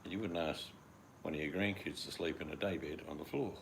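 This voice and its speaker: An older Australian man chats casually at home, rambling along and doing quoted voices for his dogs. His bass voice is brisk and creaky, with a little hiss or hum in the recording.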